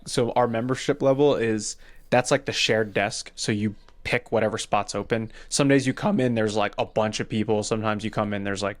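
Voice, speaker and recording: A man co-hosting a podcast, casually telling a funny story and quoting the people in it. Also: medium pitch. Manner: animated retelling, quoting people in his story. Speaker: podcast co-host.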